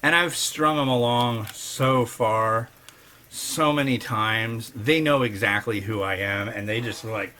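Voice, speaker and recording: Cooking at home for his vlog, a middle-aged host chats slowly in a medium-pitched, sharp-toned voice, rambling along with dry humor. Clicks and crinkling sounds fill the noisy kitchen around him.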